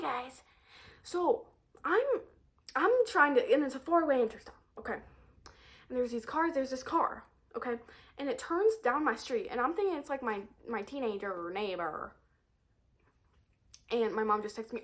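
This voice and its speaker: A teenage high school girl with a high voice rants to her camera in a storytime vlog. She talks in an exasperated, animated way, repeating lines and swearing as she piles on complaints. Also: measured pace. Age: teens. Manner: exasperated, animated ranting with frequent swearing and repetition.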